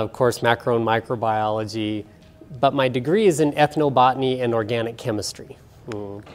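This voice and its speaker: A middle-aged man giving a casual, jokey talk on nutrition to a small audience in an event room. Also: mid-range voice. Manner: chatty, jokey, self-deprecating. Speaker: guest speaker on nutrition.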